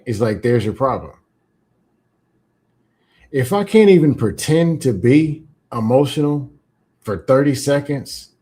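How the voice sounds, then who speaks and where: A man's voice: medium pitch, warm tone. Reflective man telling candid stories. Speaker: podcast host. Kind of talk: casual conversation.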